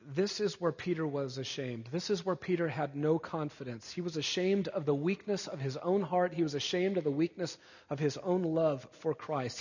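A male preacher giving an earnest sermon, rising to emphatic peaks and dropping soft again. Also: high-pitched, breathy edge. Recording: dull sound with long hall reverb.

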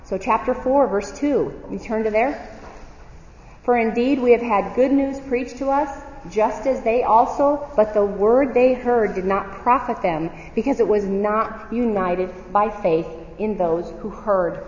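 A woman's voice: fairly high pitch, measured pace, a little mellow. Lady teaching bible study, keeps quizzing the crowd, roomy echo, kinda muffled lo-fi sound. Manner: asks the audience questions and waits for answers. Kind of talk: Bible teaching to a women's group. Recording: echoey hall, dull lo-fi sound.

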